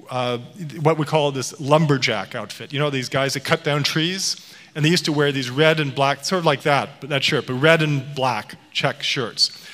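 A middle-aged man lectures to an audience, his voice bright and a touch high. He tells stories lightly and slips into playful impressions now and then. His voice rings with the long reverb of a large hall. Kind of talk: public lecture.

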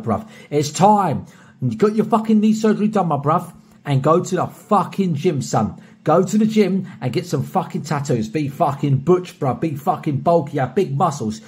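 A young British man recording a personalized video shoutout, boisterous and heavily profane, swinging from soft to loud. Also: a little high, lively intonation, normal speed, breathy edge. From Britain. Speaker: streamer recording a paid shoutout.

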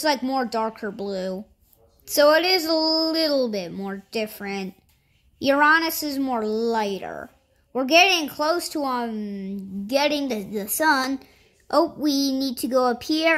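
High-voiced woman rambling through a game. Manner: rambling, thinking aloud with many fillers; excitable outbursts of surprise. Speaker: gameplay commentator. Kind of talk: casual game commentary.

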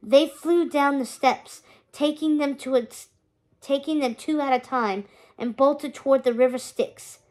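A woman's voice: high-pitched, a little slow, darkish tone. A woman narrating a children's chapter book aloud, reading steadily.

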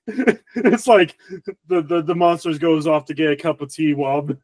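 A man joins a podcast panel over a video call, his voice sitting a little high. He rambles, giggles and leans on fillers. The recording is dry, with no room echo. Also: normal speed, a little mellow. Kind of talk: casual panel chat.

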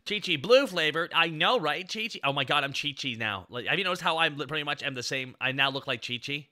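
A man streams as a VTuber, keeping the chat casual and goofy. He's animated and talks fast, jumping between loud bits and low, mumbled asides.

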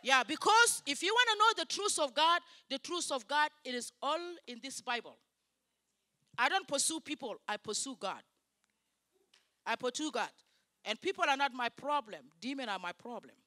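Woman preaching, high bright voice, emphatic, broken English, dry close sound. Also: expressive, moderate pace, no echo. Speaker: guest preacher. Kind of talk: sermon.

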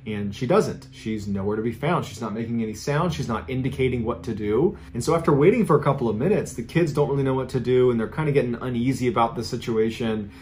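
A man's voice: mid-range voice, fast, hardly any pauses, a little mellow. Man narrating spooky true stories. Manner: dramatic, conversational storytelling. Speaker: host.

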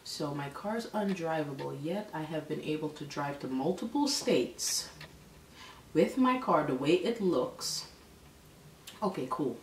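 A woman telling a story in a casual vlog, animated and exasperated. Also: sits low, unhurried. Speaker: vlogger. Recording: echoey room, mic at a distance, faint background noise.

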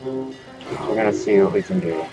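A man's voice: lowish voice, lively intonation, a little slow, over music, low-quality recording. A man hosting a casual let's-play, rambling and joking as he plays, swearing now and then at the game. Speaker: gaming channel host.

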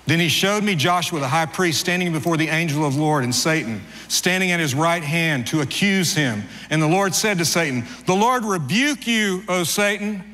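A man's voice: brisk, hardly any pauses, bright, forceful tone. Conversational man preaching in a reverberant church. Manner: conversational storytelling preacher, rises in pitch for acted dialogue. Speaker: pastor. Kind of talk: sermon. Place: church sanctuary. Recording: long church-hall reverb, faint ambience.

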